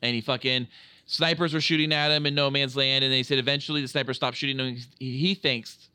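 A man hosting a casual movie review podcast, talking in an animated, jokey way with plenty of swearing. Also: mid-range voice, a little fast, clear, resonant tone, no echo. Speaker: podcast host. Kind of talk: casual film review chat.

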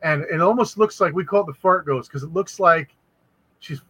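A man, a podcast guest, telling a spooky personal story in a casual, animated way, acting out the voices of people in it. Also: on the high side, normal speed, husky, no room sound, low-quality recording. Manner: animated, acts out quoted voices.

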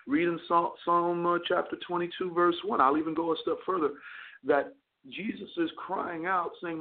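Man preaching on a call-in radio show, gravelly voice, sounds like a tinny phone line, stumbles on repeated words. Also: on the high side, fairly even intonation, moderate pace. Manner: repeats words while preaching, rises into fervent crescendos. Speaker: radio talk show host and chaplain.

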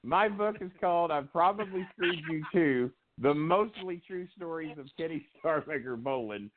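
Lively joking male radio host. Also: fairly high pitch, normal speed. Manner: joking, laughs often, lively. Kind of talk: casual radio talk. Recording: tinny phone line with faint noise.

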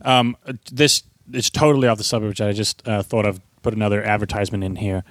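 A man's voice: on the low side, steady tone, quick pace. An easygoing man co-hosting a podcast in casual chat, sometimes chuckling mid-sentence. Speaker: podcast co-host.

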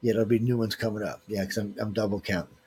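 A man with a lowish, a little mellow voice talks fast in a steady tone, with slight background noise behind him. He's running a casual livestream giveaway, reading viewers' emails aloud and teasing them in loose slang.

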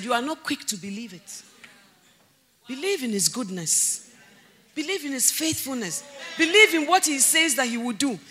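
A woman pastor preaches with plenty of animation and regular bursts of laughter. She shouts to stress her points and then lowers her voice to an earnest hush.

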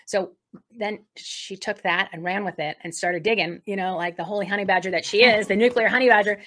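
A woman co-hosting a faith talk show, opening the episode in a rambling, excitable way with many restarts. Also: mid-range voice, quick pace. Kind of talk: casual spoken introduction.

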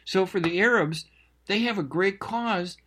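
A man's voice: high-pitched, a little slow, pushed and bright, breathy edge. Older man, journalist, opinionated monologue, emphatic, repetitive, fillers and restarts. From Palestinian family.

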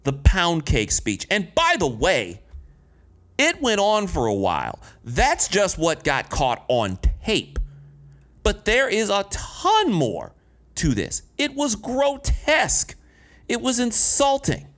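A man in a commentary video, talking in an indignant, sarcastic way and swearing freely. His pitch rises and falls a lot as he pushes his points. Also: wildly swooping pitch, slow pace, a bit bright. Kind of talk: commentary vlog.

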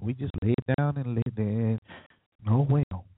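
A man's voice: mid-range voice, steady tone, a little fast, slight background noise. Sarcastic talk show man on a tinny line. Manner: sarcastic, preachy, chuckling asides. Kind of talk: opinionated radio talk monologue. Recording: tinny phone-like, dry.

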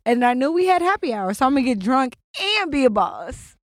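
Profane, animated young woman podcast co-host. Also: high-pitched, fairly quick, few pauses, dry recording, studio quality. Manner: animated, blunt and profane storytelling. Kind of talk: casual chat.

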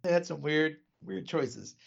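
A man's voice: fairly high pitch, expressive, a little slow, gravelly, husky. A man co-hosting a casual podcast, rambling through a movie plot with fillers and asides. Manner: rambling recap with fillers and laughs. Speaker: podcast co-host. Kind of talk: casual film chat, recapping plot. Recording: dull lo-fi podcast audio.

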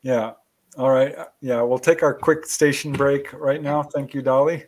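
A man of middle pitch hosts a live talk show, reading through a station break and plugs. His delivery is friendly and easygoing, with small chuckles between lines. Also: fairly even intonation, moderate pace.

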